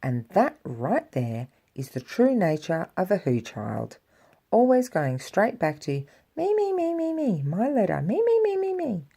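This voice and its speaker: A woman's voice: deep voice, sing-song, slow pace, mellow, breathy edge, full character voice. A woman voicing a grumpy, sour male creature who grumbles scornfully. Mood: mocking.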